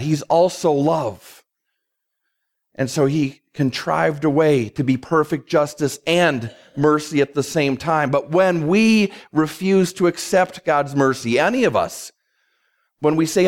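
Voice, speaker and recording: A man preaching an expository sermon in a conversational, emphatic way, slowing down to stress key words and briefly voicing quoted speakers. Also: fairly high pitch. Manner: voices God and others in quick asides. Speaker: pastor.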